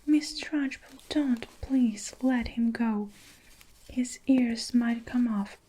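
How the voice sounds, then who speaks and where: A kind young schoolteacher pleads anxiously in a whispered role-play, as a woman puts her on. Her voice rises above the narration, soft and urgent. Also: a little high, slow, a little hiss or hum, voice pushed up, poor audio. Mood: pleading. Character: gentle young female teacher, pleading and kind.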